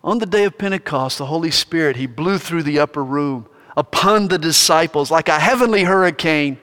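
High-voiced pastor guy preaching, gets animated telling stories, echoey hall. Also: brisk. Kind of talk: sermon.

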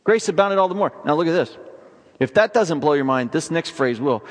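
A man preaching a sermon, emphatic and energetic, with sudden bursts of excitement. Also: on the high side, brisk. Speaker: pastor. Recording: long reverb of a large hall.

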